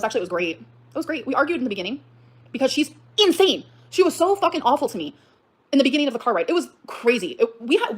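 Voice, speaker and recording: A young woman livestreaming, reacting with fast, heated, profane outbursts that swing up to shouting. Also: on the high side. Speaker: livestreamer reading and reacting to a post. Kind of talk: emotional livestream rant.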